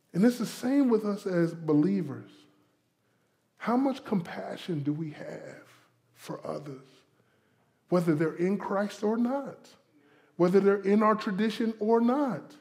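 A pastor from Florida delivering a sermon with a notably high voice. He talks to the congregation in a loose, conversational way, slipping into acted-out inner voices and playful asides. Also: animated, slow, creaky, long pauses, darkish tone.

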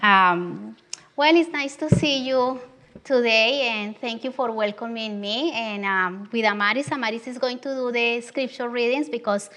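A woman's voice: fairly high pitch, unhurried, a bit bright, a little hiss or hum. Woman preaching with a Spanish accent. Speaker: guest preacher. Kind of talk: sermon. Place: small church.

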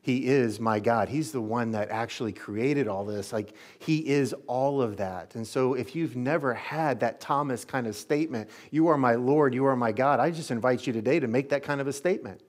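Man, pastor, sermon, earnest, mid-pitched voice. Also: moderate pace, few pauses, a little mellow. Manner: earnest, leads a closing prayer.

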